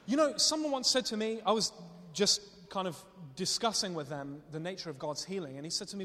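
A man's voice: sits high, fairly quick, few pauses, pushed and bright. A man preaching a sermon, telling stories in a conversational but impassioned way. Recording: long hall reverb.

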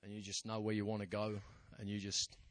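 A man's voice: fairly low pitch, monotone, fairly quick. A man, a pastor, preaching a sermon in an anecdotal, self-deprecating storytelling manner. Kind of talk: sermon with personal stories.

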